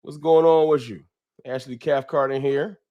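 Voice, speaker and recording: A man's voice: medium pitch, fairly even intonation, moderate pace, lo-fi sound. A man hosting a casual live stream from a room at home, greeting viewers by name in loose slang. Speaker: livestream host. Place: home room with a wall sign. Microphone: desk microphone.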